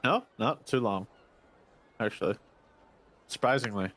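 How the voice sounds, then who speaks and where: A man playing a tabletop game, chatting casually in a quick, soft-spoken way. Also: medium pitch, expressive, no echo. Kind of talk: casual chat.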